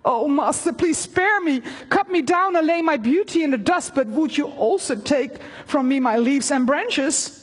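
A woman voicing a proud, gentle female bamboo tree who pleads with her master in a storybook tale read aloud. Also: fairly high pitch, a little slow, husky, in a large hall. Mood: pleading.

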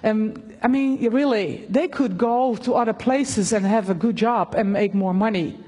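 A woman's voice: a little high, warm tone, breathy edge. Earnest woman preaching in an echoey hall. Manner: earnest, halting with fillers. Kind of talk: sermon with a story read aloud.

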